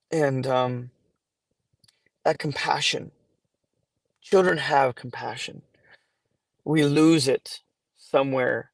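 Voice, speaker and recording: A man in his forties, a charity founder being interviewed on a podcast, who tells stories haltingly and gets emotional, with many restarts. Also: medium pitch, vocal fry, no echo. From Canada. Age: 40s.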